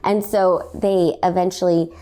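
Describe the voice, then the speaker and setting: A young woman telling a story in a casual, rambling way, her voice slightly raspy and hoarse, laughing often. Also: on the low side, little pitch movement, measured pace, warm tone. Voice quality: slightly raspy, recovering from lost voice. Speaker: podcast host and stand-up comedian.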